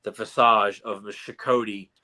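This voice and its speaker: Bright-voiced man recapping a cartoon. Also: lowish voice, normal speed. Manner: animated, acts out quotes with many restarts. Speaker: podcast co-host. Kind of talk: casual chat recapping a cartoon.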